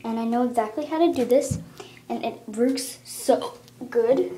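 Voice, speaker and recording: A woman's voice: fairly high pitch, measured pace, dark tone. A young girl chatting casually in a home video, her talk broken by hiccups. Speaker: vlogger. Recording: roomy home camera audio with faint noise.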